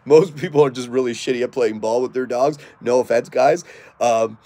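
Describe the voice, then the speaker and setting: A man who trains dogs, talking bluntly and casually in a live question-and-answer session, swearing freely and acting out dogs and owners in quick put-on voices. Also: mid-range voice, a little mellow. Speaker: dog trainer.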